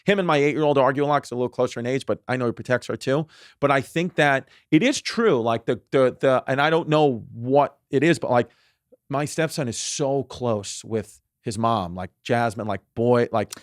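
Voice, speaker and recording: A man's voice: medium pitch, moderate pace, no echo, studio quality. Rambling man telling a story. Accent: New York. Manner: rambling storytelling with many restarts and fillers. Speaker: comedy podcast host. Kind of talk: casual chat.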